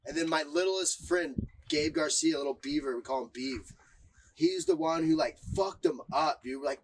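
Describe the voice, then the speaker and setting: A man's voice: fairly high pitch, normal speed, slight background noise, low-quality recording. Profane rambling young man storyteller. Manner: profane, rambling, heavy filler words. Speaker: podcast guest. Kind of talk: casual storytelling.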